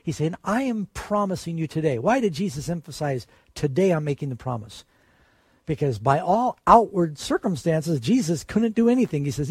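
A man's voice: on the high side, expressive, moderate pace, darkish tone, breathy edge, no echo. A man preaching a sermon in an earnest way, lifting his voice to stress the quoted promises.

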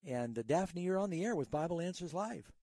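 A man's voice: fairly high pitch, lively intonation, a little fast, dark tone, no room sound. A man hosting a call-in Bible radio show, earnestly explaining scripture to callers in a teaching way. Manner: earnest, teaching tone with a storytelling aside.

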